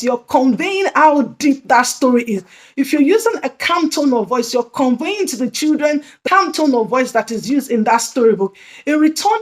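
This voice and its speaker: A woman hosting an early childhood education channel, explaining teaching strategies in an earnest way that often repeats and restates her points. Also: sits high. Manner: earnest, repetitive, emphatic restatements. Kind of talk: instructional video talk.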